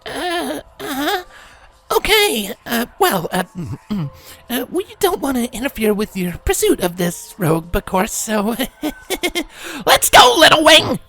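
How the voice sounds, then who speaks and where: A man's voice: high-pitched, huge pitch swings, normal speed, creaky, few pauses, faint music behind, voice pushed up, full character voice. A man doing a jittery young colt pony. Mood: panicked. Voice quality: trembling, panicky. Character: nervous young male pony colt, timid.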